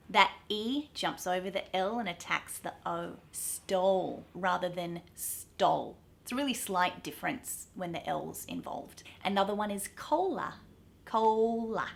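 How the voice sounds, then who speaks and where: A woman's voice: mid-range voice, gravelly, a bit bright. A woman with an Australian accent teaching pronunciation to camera, upbeat and explaining carefully, drawing out each example word. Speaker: accent coach.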